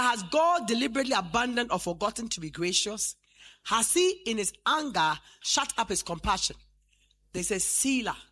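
A woman in her late fifties preaching a fervent sermon in church, quoting scripture and rising to shouts. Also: fairly high pitch. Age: 50s.

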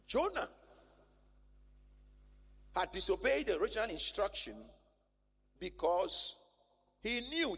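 Animated preacher man, husky voice, lots of church echo. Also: high-pitched. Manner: animated, conversational, rhetorical questions. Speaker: pastor. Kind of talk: sermon. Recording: long church-hall reverb.

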